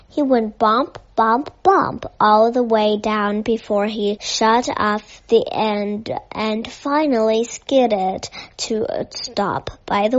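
A woman narrating a children's story aloud in a gentle, measured way. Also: fairly high pitch, highs cut off.

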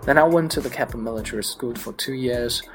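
A man whose first language is Chinese, reading a comic monologue aloud in English with a lively storytelling delivery. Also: medium pitch, fast, over music. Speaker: English learner practicing accents.

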